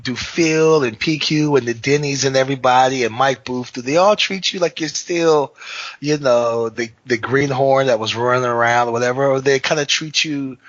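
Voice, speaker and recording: A man's voice: mid-range voice, normal speed, fairly bright tone, no echo. A man hosting a wrestling podcast, chatting in a chummy, rambling way and often saying "man" and "and stuff". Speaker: podcast host. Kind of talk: casual podcast interview. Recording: dry, dull home-mic sound.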